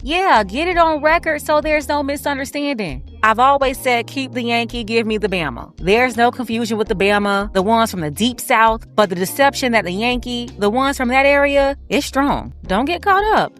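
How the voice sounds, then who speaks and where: A woman's voice: on the high side, normal speed, hardly any pauses, a bit bright, faint music behind. A woman commentator speaking in a wry, egging-on way.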